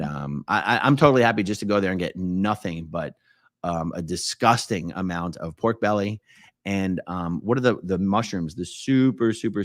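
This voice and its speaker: A man's voice: low-pitched, dry recording, clean studio sound. A man hosting a casual live stream, rambling and self-correcting as he reads viewer comments, often laughing.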